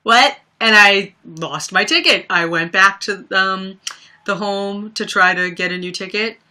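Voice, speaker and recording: A woman's voice: medium pitch, measured pace, pushed and bright. A young woman chatting casually on a livestream, telling stories with lots of fillers and laughs. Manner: chatty storyteller, many fillers, laughs often. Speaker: livestream host. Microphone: webcam or phone mic.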